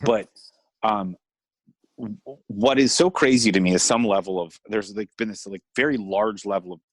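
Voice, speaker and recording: Rambling, animated podcast co-host man. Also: lowish voice, moderate pace, dry recording. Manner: rambling, animated storytelling with laughs. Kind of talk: casual chat.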